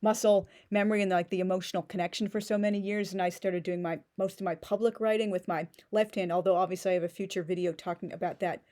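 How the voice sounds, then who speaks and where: A woman's voice: mid-range voice, steady tone, fast talker, hardly any pauses, darkish tone. A woman in her thirties chatting casually through an unboxing, rambling with many fillers and restarts. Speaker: pen vlogger.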